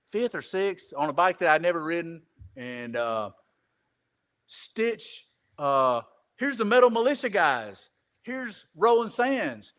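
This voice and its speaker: A man telling a long casual story as a podcast guest, rambling and repeating "I said," swearing casually. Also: sits high. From Greenville.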